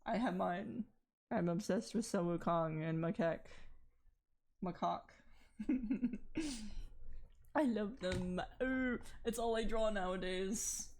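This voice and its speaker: A woman's voice: mid-range voice, slow, long pauses, a little mellow. A woman streaming while she draws, chatting casually with a friend and her chat, laughing often and swearing freely. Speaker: art streamer.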